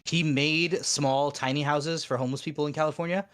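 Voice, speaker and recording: A man's voice: a little high, steady tone, brisk, a bit bright. A man chatting over voice chat during a watch-along, opinionated and rambling with fillers. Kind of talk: casual group chat.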